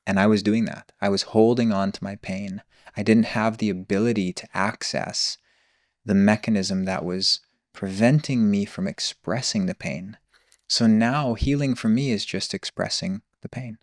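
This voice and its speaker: Earnest man with a gravelly low voice. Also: steady tone, no echo, clean studio sound. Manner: earnest, open, slow and searching. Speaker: podcast guest, healer. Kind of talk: reflective personal storytelling.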